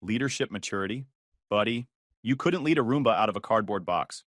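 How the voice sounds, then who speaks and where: A man giving a sardonic, deadpan first-person story narration into a close mic. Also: on the low side, fairly quick, dry recording.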